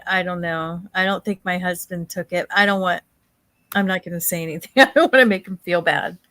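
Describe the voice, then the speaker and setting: A woman's voice: fairly low pitch, fairly quick, pushed and bright, dry recording. A woman co-hosting a live stream in casual chat, teasing and laughing often.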